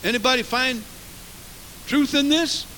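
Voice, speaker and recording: A man preaching a sermon in church as pastor, emphatic, with rhetorical questions to the congregation and big swings in pitch and volume. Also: measured pace, bright, forceful tone, slight background noise, low-quality recording.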